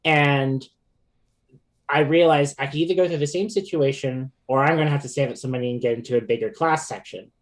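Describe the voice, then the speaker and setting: A man who is a podcast guest, telling a personal story in casual chat, animated and often laughing, with many fillers and restarts. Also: medium pitch, a little fast.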